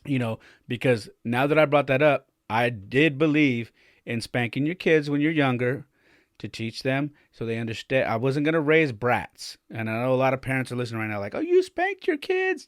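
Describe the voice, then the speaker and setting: In studio quality with no echo, a mid-range male voice belongs to a podcast host in his forties. He candidly narrates a family story, playing out the dialogue as his voice climbs with mounting agitation.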